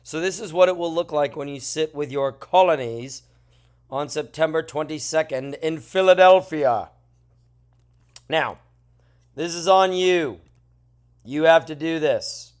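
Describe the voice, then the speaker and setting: A man's voice: on the high side, a little slow, pauses often. A male teacher talking through a classroom lesson in a chatty way, with joking asides, who says he is tired. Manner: chatty, lively, jokey asides. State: tired, yawning.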